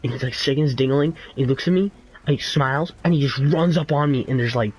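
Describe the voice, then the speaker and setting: On a rough recording with slight background noise, a teenage boy with a mid-range voice talks fast as he does casual gameplay commentary. He rambles through a story, laughing a lot, full of fillers, restarts and crude slang.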